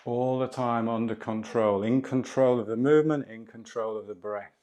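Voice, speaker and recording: A middle-aged man leads a live qigong and movement class, calmly cueing each breath and posture. His voice sits at an ordinary middle pitch, and he slips easily between slow instructions and relaxed chatty asides.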